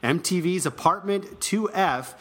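A man's voice: high-pitched, a little slow, a bit bright, slightly rough. A man co-hosting a podcast, reading a guest introduction and chatting casually with frequent laughs. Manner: reads introductions, laughs often. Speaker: podcast co-host.

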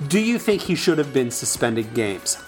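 A man's voice: normal speed, soft background music. Playful man teasing his co-host. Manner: playful, teasing, lively swings in pitch. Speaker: podcast co-host. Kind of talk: casual sports chat.

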